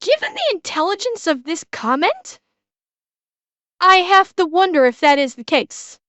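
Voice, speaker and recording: A woman's voice: extremely high pitch, huge pitch swings, measured pace, fairly bright tone, dry recording. A woman streamer reacting to a video, ranting bluntly with heavy swearing.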